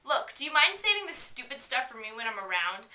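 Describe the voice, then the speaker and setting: A woman's voice: on the high side, sing-song, fairly quick, bright, forceful tone, far from the mic, exaggerated voice. A woman voicing an anxious, protective teenage boy, urging and pleading, recorded in an echoey room away from the mic. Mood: worried. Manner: urgent, pleading.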